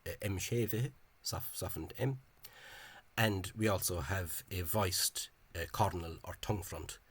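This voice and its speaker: Low, husky man explaining. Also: unhurried. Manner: digressive, thinking aloud, scholarly. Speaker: Irish-language spelling enthusiast. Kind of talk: informal explanatory video talk.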